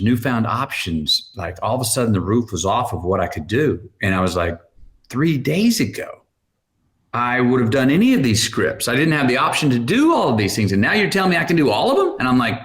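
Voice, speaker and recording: A man's voice: mid-range voice, normal speed. A man in his fifties, a guest on a podcast, telling stories with lots of laughter and acted-out voices. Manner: animated storyteller, acts out quoted voices, laughs often. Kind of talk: storytelling in a podcast interview.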